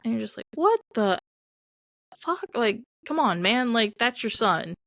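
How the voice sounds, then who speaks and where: A woman's voice: fairly high pitch, moderate pace, fairly bright tone, dry recording, clean studio sound. A woman co-hosting a movie podcast, retelling film scenes in casual chat full of "like" and acted-out quotes. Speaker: podcast co-host.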